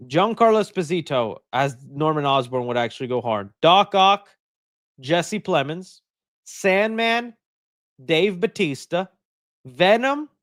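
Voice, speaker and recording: A man hosts a live chat stream and answers viewer questions as they come in. His voice sits a little high and swings widely in pitch, in a chatty, thinking-out-loud way. The sound is dry and close, with no room echo. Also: expressive, unhurried. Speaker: host.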